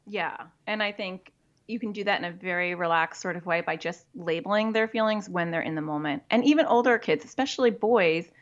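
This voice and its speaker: A child therapist appears as a guest on a podcast interview, speaking a little fast in a lowish voice through dull-sounding audio. She explains practical ideas and frequently acts out what a parent or child might say.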